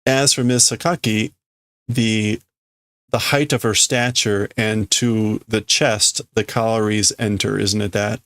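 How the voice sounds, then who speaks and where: A man hosting a casual livestream, reading Japanese manga lines aloud and translating them haltingly as he thinks out loud. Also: lowish voice, fairly even intonation.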